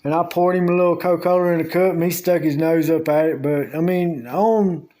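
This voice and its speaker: Recounting his day in a long, wandering monologue, a vlogger chats at home with the door open. He drawls slowly and uses Southern US grammar, his fairly high voice holding a steady, dark tone.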